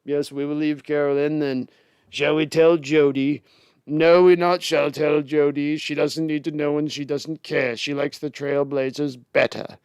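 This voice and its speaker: A man's voice: a little high, flat delivery, a little slow, darkish tone, clean tone, dry recording. A man putting on sinister British lords. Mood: conspiratorial. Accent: put-on British. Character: sinister pompous British baron-like team owners.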